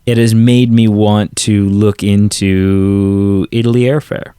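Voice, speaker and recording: A man's voice: lowish voice, fairly even intonation, slow, warm tone, clean tone, dry recording. Rambling male podcast host, dry sound. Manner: rambling, many restarts and fillers. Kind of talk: casual chat.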